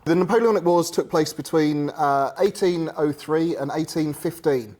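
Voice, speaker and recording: A man who tells wargaming history in a casual, halting way, full of restarts and playful asides. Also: fairly high pitch, a little mellow. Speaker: wargaming hobbyist explaining history. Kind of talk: casual conversation.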